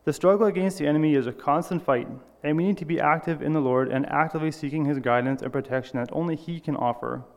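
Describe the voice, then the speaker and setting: A man's voice: fairly high pitch, fast talker, few pauses, darkish tone, big-room sound, muffled recording. A man giving an earnest, personal sermon, reading scripture and correcting small slips as he goes. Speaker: lay preacher.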